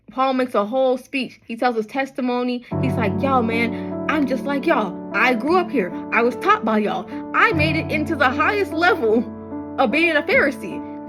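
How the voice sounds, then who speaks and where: A young woman from Nigeria retelling a Bible story in casual slang, acting out the people in it with lively quoted voices. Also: rough recording. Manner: animated, acts out crowds with high-pitched quoted voices and slang. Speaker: bible study vlogger.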